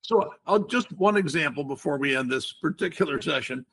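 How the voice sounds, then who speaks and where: A man's voice: fairly high pitch, expressive, normal speed, a bit bright, breathy edge. An older man hosting a casual podcast chat, explaining word games in a playful, wordy way. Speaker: podcast host.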